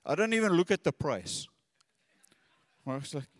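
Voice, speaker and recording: A man's voice: fairly high pitch, sing-song, moderate pace, pauses often, no room sound, long reverb tail. A man preaching a sermon in an earnest, conversational way, often repeating his words.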